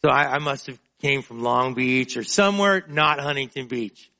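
A male preacher giving a sermon in an emotional, confessional way, often breaking into drawn-out spoken prayer. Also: medium pitch, expressive, bright, forceful tone. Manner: emotional and confessional, praying aloud in drawn-out phrases.

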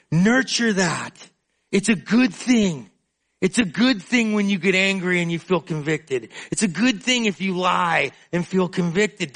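A male preacher with a notably high voice delivers a heartfelt sermon at an unhurried pace. He speaks in an emotional, confessional way and often slips into stretched-out spoken prayer. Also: a bit bright. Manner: emotional and confessional, praying aloud in drawn-out phrases.

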